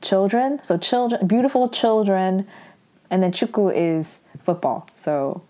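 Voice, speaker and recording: A young woman casually recapping a drama episode, saying "like" a lot and quoting the characters in quick little voices. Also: mid-range voice, mellow. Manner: casual, many fillers like "like" and "um"; acts out the characters' lines in quick quoted voices.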